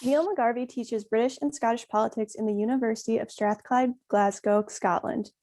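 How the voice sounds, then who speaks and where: Young woman reading an intro, kinda gravelly, darkish mellow tone, dry sound. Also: a little high, normal speed. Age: young adult. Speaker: student introducing the speaker.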